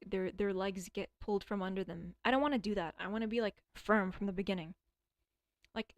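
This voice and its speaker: A woman's voice: a little high, dry recording. A young woman streaming alone, chatting casually and rambling, swearing often and stuttering at times. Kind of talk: casual livestream chat.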